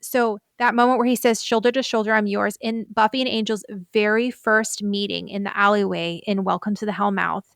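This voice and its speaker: A woman's voice: medium pitch, level tone, a little fast, creaky, few pauses, fairly bright tone, smooth, no echo, studio quality. A woman co-hosting a podcast, chatting casually and animatedly retelling scenes with lots of fillers. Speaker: podcast co-host.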